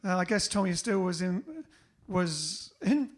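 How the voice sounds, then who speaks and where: Man, Cockney-Essex accent, high voice, rambling casual chat, band host. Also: normal speed, background noise. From England. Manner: chatty, rambling with many fillers. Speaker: band frontman hosting a livestream.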